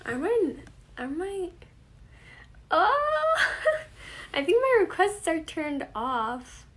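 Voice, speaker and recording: A 21-year-old woman hosting a casual live stream, reading viewer comments aloud and answering them in a relaxed way. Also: high-pitched, slow pace. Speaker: livestream host. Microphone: phone camera.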